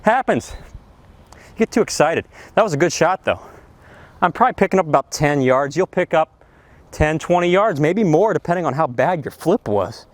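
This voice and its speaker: A man teaching golf outdoors on a practice area, talking to camera with excitable, exclamatory enthusiasm. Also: on the high side, normal speed, dry recording. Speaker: golf instructor. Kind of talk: energetic golf lesson to camera.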